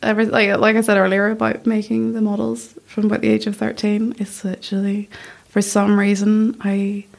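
A young woman from Northern Ireland with a Northern Irish accent, speaking softly and shyly as a guest in a casual interview, laughing often. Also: mid-range voice, monotone, normal speed, gravelly. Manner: soft-spoken, shy, laughs often. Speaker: guest puppet-maker.

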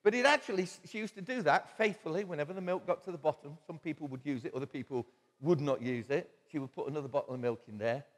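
A man's voice: on the high side, fast. A man preaching a sermon in a church, telling stories conversationally with quoted asides and chuckles. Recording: long church-hall reverb.

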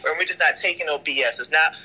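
A man takes part in a casual discussion, speaking in a measured, reflective way. His voice is very bright and sharp. It sits slightly high for a man. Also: faint music behind, poor audio.

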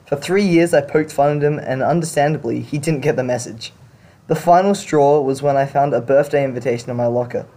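A man's voice: medium pitch, brisk, mellow. A man hosting a show, reading confession stories aloud and reacting to them in blunt, casual talk with some swearing. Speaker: podcast host reading stories.

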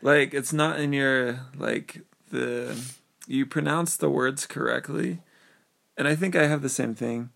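A man's voice: medium pitch, steady tone, a little slow, vocal fry, a bit bright. A young man in a casual chat, easygoing, laughing along and explaining things.

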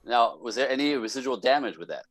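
A man speaking as a relationship expert guest in a casual podcast conversation, telling animated stories and acting out the voices of people he quotes. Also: mid-range voice, fast, dry recording.

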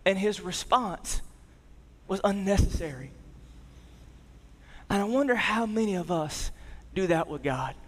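A male pastor in his thirties delivers a storytelling sermon, his voice sitting high for a man. He moves between energetic emphasis and quiet, low passages. The sound carries the long reverb of a big hall. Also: unhurried, long pauses.

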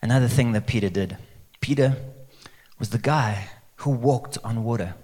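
A male pastor preaches a lively, conversational sermon, putting rhetorical questions to the crowd. His voice is mid-range and his speed normal.

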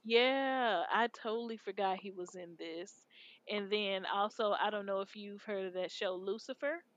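A woman's voice: medium pitch, normal speed, dry recording, lo-fi sound. A woman from Texas co-hosting a podcast, chatting casually and rambling in slangy speech. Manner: rambling, slangy, laid-back. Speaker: podcast co-host. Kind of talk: casual chat.

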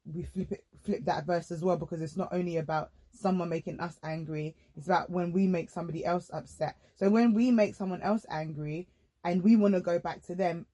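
A woman's voice: lowish voice, dark tone, lo-fi sound. A woman hosting a casual faith-based podcast chat, speaking in an earnest, reflective way. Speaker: podcast host.

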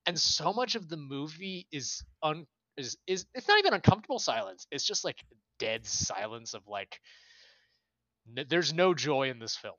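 A man's voice: on the high side, expressive, normal speed, fairly bright tone, dry recording. A man casually analyzing a film on a podcast, building to emphatic bursts. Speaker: podcast guest. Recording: dry, dull lo-fi mic.

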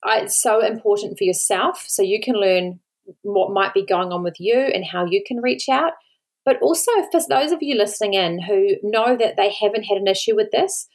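An Australian woman, a podcast host and mother, talking earnestly and pleadingly to listeners, near tears, repeating words for emphasis. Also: medium pitch. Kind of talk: solo podcast talk.

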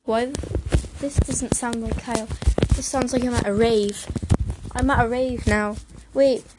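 A woman's voice: a little high, fairly even intonation, unhurried. Hyper, rambling young woman. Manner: hyper and scattered, many fillers and restarts. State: out of breath. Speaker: vlogger. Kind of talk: rambling casual monologue. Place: bedroom, sitting on a creaky bed. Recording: noisy home recording.

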